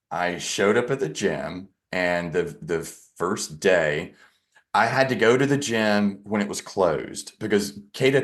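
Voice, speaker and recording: Male podcast guest, very low voice; candid storyteller who stumbles and restarts, frank and self-mocking. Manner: halting, with frequent restarts and self-corrections.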